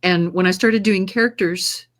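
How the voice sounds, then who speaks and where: Low-voiced American woman telling stories. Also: moderate pace. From United States. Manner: lively storyteller, laughs often; trained singer with controlled delivery. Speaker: audiobook narrator. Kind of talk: casual interview chat.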